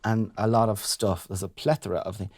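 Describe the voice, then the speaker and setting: A man's voice: lowish voice, steady tone, a little fast, a little mellow, no echo, studio quality. A young adult Irish man co-hosting a podcast, chatting casually and jokily, often acting out what people said. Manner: chatty, jokey, acts out quotes. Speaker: podcast co-host. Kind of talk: casual chat.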